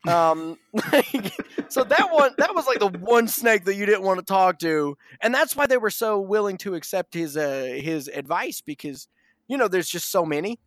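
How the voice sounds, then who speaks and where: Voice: medium pitch, animated, moderate pace, a bit bright. A podcast co-host telling a comic story in casual chat, rambling and giggling through lots of fillers.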